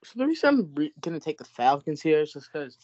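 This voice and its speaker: A man's voice: on the high side, very animated, quick pace, darkish tone, highs cut off, a little hiss or hum. A man who is a guest on a casual sports podcast and argues his pick point by point.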